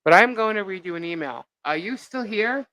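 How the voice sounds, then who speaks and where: A woman live-streaming as a vlogger, telling a gossip story in an animated, indignant way with lots of fillers. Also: mid-range voice, brisk, no echo, low-quality recording.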